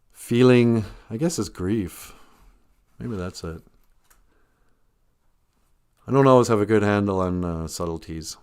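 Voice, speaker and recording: A man's voice: fairly low pitch, smooth. Chuckling male live stream host. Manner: chuckles often, reflective, thinks aloud. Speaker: live stream host reading viewer comments. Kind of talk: casual live stream chat.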